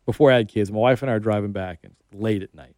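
A man's voice: fairly low pitch, quick pace, darkish tone, dry recording, studio quality. A middle-aged man hosting a casual sports radio interview, telling stories in a chatty way and acting out the people he quotes. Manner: chatty storyteller, acts out quotes. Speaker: radio host. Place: radio studio. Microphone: studio mic.

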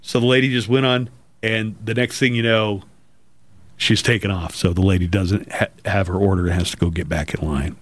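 A man's voice: lowish voice, steady tone, normal speed. A man hosting a radio show, telling news stories in casual banter with playful asides.

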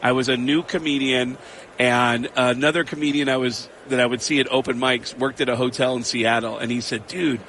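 Bright-voiced animated comedian man. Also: medium pitch, brisk, a little hiss or hum. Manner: animated, laughing storyteller. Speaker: comedian and voice actor, guest. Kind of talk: casual interview storytelling. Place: outdoor radio row at a big game.

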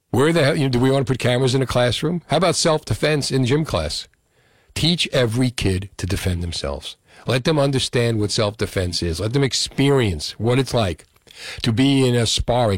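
A man's voice: medium pitch, no echo, clean studio sound. A male radio talk show host, delivering an indignant call-in monologue full of rhetorical questions.

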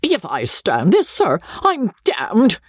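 A man voicing a vain, touchy young dandy who stammers when flustered, in a breathy voice. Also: high voice, very animated, normal speed, darkish tone, no echo, studio quality, voice pushed up, heavily acted.

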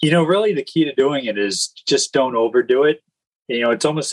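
A man guesting on a podcast, explaining things in a relaxed, offhand way. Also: medium pitch, fairly quick, rough recording. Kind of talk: casual chat.

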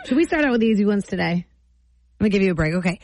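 A woman's voice: mid-range voice, animated, racing, a little mellow, no room sound. A woman hosting a morning radio show, chatty and playful, laughing often as she talks to listeners. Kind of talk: upbeat morning radio talk.

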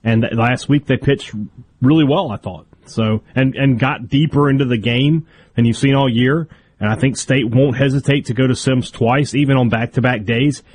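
A man co-hosting a sports talk radio show, offering analysis and quick banter. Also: medium pitch, darkish tone, a little hiss or hum.

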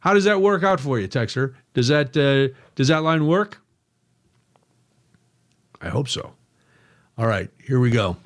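A man's voice: medium pitch, lively intonation, measured pace, long pauses. A man hosting a night radio talk show, chatty and joking as he reads out listener texts. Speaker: radio host. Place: radio studio.

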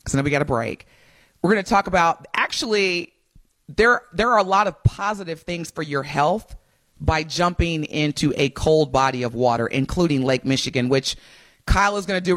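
A woman co-hosting a radio morning show in casual chat, animated and playfully teasing, laughing often. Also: lowish voice, no room sound. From Wisconsin.

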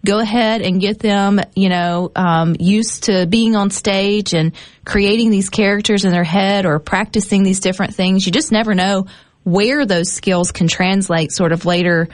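A woman's voice: medium pitch, fairly even intonation, normal speed, no echo. A woman hosting an interview in an upbeat, encouraging, somewhat rambling way. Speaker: host.

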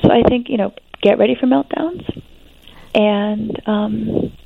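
A woman, a guest expert on adolescence, explaining teenage development in an interview in an animated, reassuring way with frequent fillers. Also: on the high side, slow pace, creaky, background noise. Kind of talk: interview conversation. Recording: tinny phone-line sound.

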